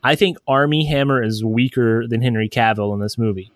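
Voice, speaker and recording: A man's voice: medium pitch, a little fast, dry recording, studio quality. A man co-hosting a podcast, talking through a film review with many hesitations and fillers. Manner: hesitant, filler-heavy, laughing easily. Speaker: podcast co-host. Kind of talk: casual film review chat.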